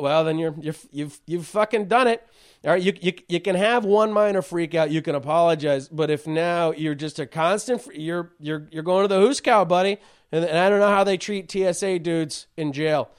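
A man hosting a comedy podcast, telling stories and reading news in a profane, ranting way with loud outbursts. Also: a little high, normal speed. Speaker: podcast host. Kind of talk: comedic rant and storytelling.

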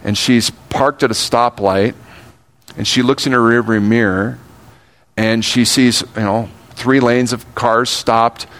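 Older pastor preaching earnestly. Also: male voice, medium pitch, fairly even intonation, a bit bright. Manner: earnest, shifts between slow emphatic phrasing and quick asides. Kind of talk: sermon.

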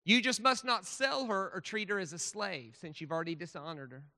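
A man's voice: high voice, brisk, pushed and bright, in a large hall, full character voice. A man voicing a fiery, sarcastic Southern preacher with a Southern accent and a brash preaching cadence. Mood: mock preaching.

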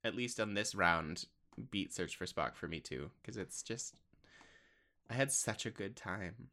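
A man's voice: lowish voice, expressive, pushed and bright. A man co-hosting a casual movie podcast, chatting and laughing often. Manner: laughs often, quick asides. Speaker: podcast co-host. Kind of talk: casual chat with movie quote impressions.

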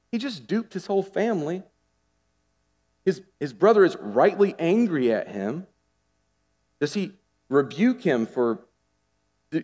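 A man preaching a sermon in a lively, conversational way, asking the congregation questions as he goes. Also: high-pitched. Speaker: pastor. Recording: long hall reverb.

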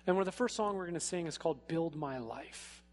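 Chatty guy pastor, lots of "like" fillers, high voice, church reverb. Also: brisk, faint music behind. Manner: conversational and animated, with casual fillers. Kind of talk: sermon. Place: church sanctuary. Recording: echoey hall.

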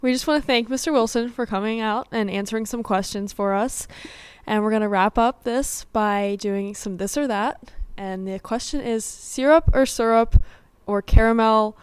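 Young woman with a very clear voice. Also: mid-range voice, moderate pace, no echo. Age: young adult. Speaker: student podcast co-host.

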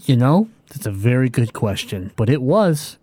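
A man in character at a tabletop game, excited and grumbling. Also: mid-range voice, normal speed, husky, dry recording. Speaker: player.

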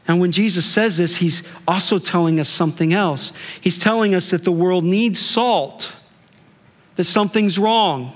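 A man pastor preaching a sermon in a conversational way, with rhetorical questions and drawn-out emphasis. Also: sits high. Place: church sanctuary. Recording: long church reverb.

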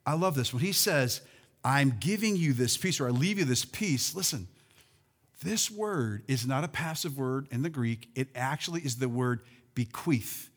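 A man preaching a sermon as pastor, animated, calling out to his congregation and swinging between loud and soft. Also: medium pitch, normal speed. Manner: animated preaching with call-and-response and swings in loudness. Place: church sanctuary.

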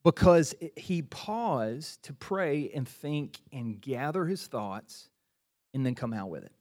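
Middle-aged male pastor, mid-pitched voice with lots of lift and fall, casual preaching, repeats key lines for emphasis. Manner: animated, conversational preaching with repeated phrases and quick restarts. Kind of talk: sermon.

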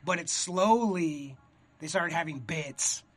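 Excitable, profane young man, bright husky voice. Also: a little high, slow pace. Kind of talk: casual chat.

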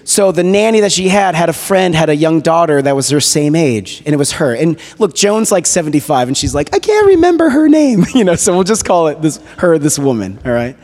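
A man giving a sermon as a guest preacher, retelling a story in a conversational, animated way with casual fillers. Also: on the high side, fairly quick, hardly any pauses. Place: church hall. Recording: echoey hall reverb.

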